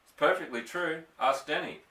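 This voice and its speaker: Brief: calm, plain-spoken father, read by a man, bright voice, echoey room. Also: a little high, moderate pace, recorded from a distance, pitched above the performer's own voice. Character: steady working father, man. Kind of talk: storybook reading aloud.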